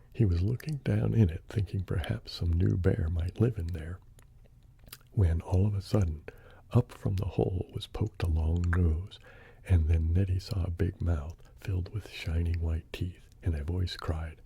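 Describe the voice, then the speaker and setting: A man reading a bedtime story in a soft-spoken ASMR style, hushed and partly whispered. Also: deep voice, fairly even intonation, moderate pace, creaky, breathy edge, no echo.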